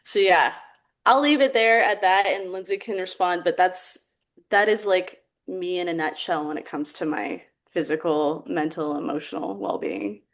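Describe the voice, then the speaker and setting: A woman's voice: lowish voice, normal speed. A young adult woman guest on a podcast, talking reflectively in a casual way with many "like" fillers. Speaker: therapeutic theatre practitioner, podcast guest.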